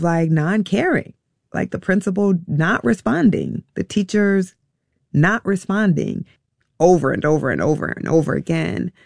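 Woman guest, gravelly and emotional, halting delivery, dry close mic. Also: low-pitched, a little mellow, dry recording. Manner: halting, emotional, with many pauses and fillers. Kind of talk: personal storytelling in an interview.

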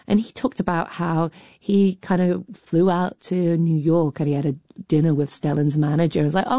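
Female critic, frank and wry, low warm tone, dry studio. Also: no echo. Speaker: critic and cultural commentator. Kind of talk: radio arts discussion.

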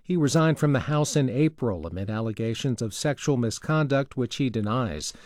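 A man reading a national newscast in a crisp, even newsreader delivery. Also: mid-range voice, normal speed. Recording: dry studio sound.

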